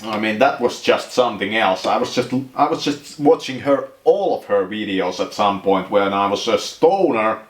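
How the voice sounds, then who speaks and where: A man's voice: lowish voice, lively intonation, moderate pace, hardly any pauses, roomy sound. A man from Finland, rambling jokingly through a casual monologue in his home kitchen. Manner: joking, rambling, laughs often. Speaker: vlogger.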